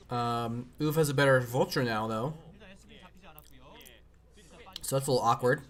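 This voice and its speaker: A man's voice: medium pitch, measured pace, fairly bright tone. Rambling man, casual stream commentary. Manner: rambling, with many fillers and restarts. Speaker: streamer watching and commenting on old game matches.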